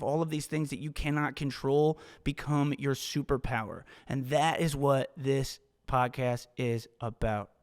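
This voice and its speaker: A man talks straight into the mic in a forceful, swearing, motivational style, circling back over his points. His voice sits at an ordinary middle pitch. A long reverb tail trails after his words. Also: clear, resonant tone. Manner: emphatic, profane, repeats himself. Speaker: podcast host. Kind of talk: motivational podcast monologue.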